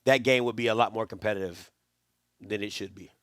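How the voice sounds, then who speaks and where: A man's voice: fairly low pitch, fairly even intonation, a little fast, smooth, dry recording, clean studio sound. A man hosting a live watch party, reacting to a game in a casual, slangy, trash-talking way.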